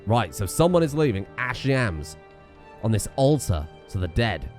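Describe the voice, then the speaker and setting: A man's voice: mid-range voice, big pitch swings, measured pace, a little mellow, soft background music. A British man doing casual, sarcastic let's-play commentary, swearing and laughing in asides as a gaming streamer.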